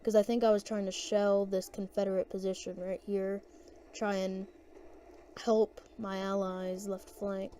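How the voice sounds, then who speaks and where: Slow, mellow woman narrating gameplay. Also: medium pitch, level tone, slight background noise. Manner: rambling, hesitant, thinking aloud. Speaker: gameplay commentator. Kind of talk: casual gameplay commentary.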